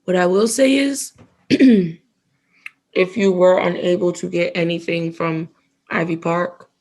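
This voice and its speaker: A woman's voice: on the low side, steady tone, a little slow, darkish tone. Woman co-host, casual mukbang podcast chatter, laughs often, talks through shopping and food tips. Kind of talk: casual podcast chat while eating.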